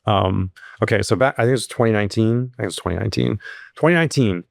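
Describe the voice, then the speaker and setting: Man, low voice, casual storytelling, lively jumps in pitch, dry close mic. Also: very fast, vocal fry, no room sound. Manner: animated, rises sharply when acting out quotes; filler-heavy, restarts. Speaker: security company CEO, guest.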